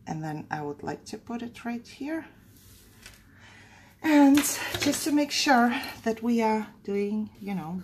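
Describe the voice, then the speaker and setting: A woman's voice: medium pitch, a little mellow, a little hiss or hum. A middle-aged woman hosting a casual craft tutorial at home, chatting, laughing often and second-guessing herself. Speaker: crafting channel host.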